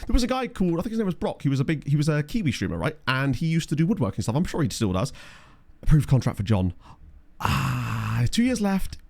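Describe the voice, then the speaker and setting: Male streamer, quick lively delivery, jokey game commentary. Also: medium pitch, gravelly. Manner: chatty, jokey, reads game stats aloud. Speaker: streamer playing a management game. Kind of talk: casual live-stream chat.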